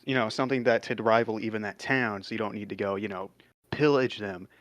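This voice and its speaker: A man's voice: on the low side, fairly even intonation, a little fast, fairly bright tone. A man speaking as a player in a tabletop game, casual and a bit hesitant, swearing often. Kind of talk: in-character tabletop play.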